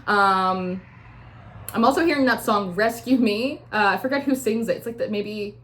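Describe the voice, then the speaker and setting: A woman's voice: medium pitch, moderate pace, a bit bright. A young woman giving a casual intuitive tarot reading, rambling with many fillers and acting out quoted voices. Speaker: tarot reader.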